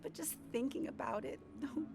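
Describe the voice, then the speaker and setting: A woman's voice: high-pitched, normal speed. A woman playing a chatty older small-town cafe owner in a video game, sweet and gossipy, calling everyone dear. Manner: gossipy, sweet, calls people dear and hun.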